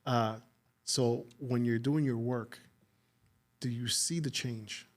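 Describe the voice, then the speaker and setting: Soft-spoken male interviewer. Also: medium pitch, fairly even intonation, takes it slowly. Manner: soft-spoken, reassuring, brief prompts. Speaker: podcast host, interviewer. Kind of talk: gentle interview questions.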